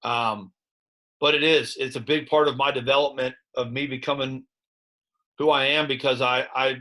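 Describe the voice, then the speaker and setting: Candid, halting Midwestern coach. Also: male voice, medium pitch, steady tone, pushed and bright. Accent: Midwestern American. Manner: halting, many restarts and fillers, candid. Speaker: high school head football coach. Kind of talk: reflective interview talk.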